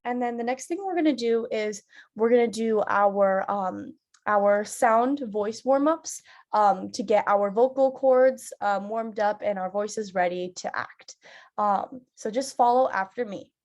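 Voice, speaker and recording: A woman leading a theatre warm-up lesson, giving friendly instructions with frequent "um"s and breaking into loud demonstration sounds. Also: mid-range voice, a little slow. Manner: instructive, filler-heavy, with loud vocal demonstrations. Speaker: drama teacher.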